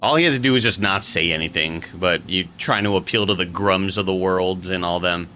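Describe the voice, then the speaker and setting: A man's voice: low-pitched, a little fast, sharp tone, soft background music. A young man streaming live, chatting casually with his audience in a rambling, joking way and swearing freely.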